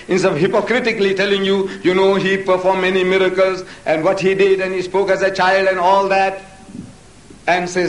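A man's voice: sits high, little pitch movement, fairly quick. Emphatic man lecturing in an echoey hall. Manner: forceful and emphatic, with repeated rhetorical questions. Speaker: lecturer answering audience questions. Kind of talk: public debate Q&A. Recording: echoey hall, mic far off.

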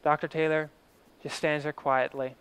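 A man's voice: a little high, little pitch movement, moderate pace, a bit bright, clear, resonant tone. A man telling a story in a vivid present-tense style, swelling and dropping his voice for drama.

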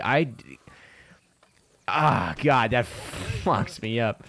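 A man's voice: mid-range voice, expressive, extremely slow, creaky, pauses often, a bit bright. A man streaming a video game, chatting casually as he plays, swearing constantly and chuckling between remarks. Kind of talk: casual let's-play commentary.

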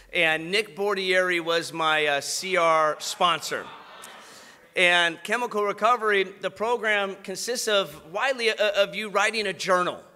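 A man's voice: high voice, bright, forceful tone, in a large hall. A man preaching a sermon, moving from a personal testimony to fervent calls to his congregation. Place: large church hall.

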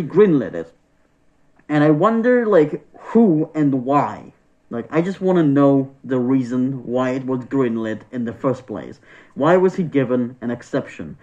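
Exasperated and swearing, this man keeps circling back to the same points in a casual vlog rant. His pitch is fairly high with a slightly mellow quality, and the audio is dull lo-fi.

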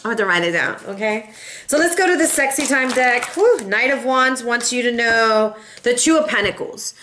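A woman's voice: fairly high pitch, animated, moderate pace, pushed and bright, a little hiss or hum. Sassy, chatty woman reading tarot. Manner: chatty, sassy, addresses viewers as boo and y'all. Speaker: tarot reader.

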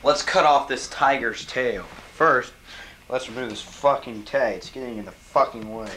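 A man doing an improvised comic rant, swearing constantly and breaking into sudden angry yells. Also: mid-range voice, normal speed, slight background noise. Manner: profane, angry outbursts, sudden yelling. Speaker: comedic ranter. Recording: roomy home camcorder sound.

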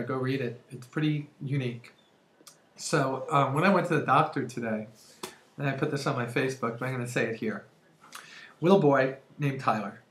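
A woman in her forties talking energetically and chattily to camera at home, laughing often. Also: sits low. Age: 40s. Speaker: vlogger. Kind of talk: casual vlog monologue. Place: room at home. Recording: roomy echo.

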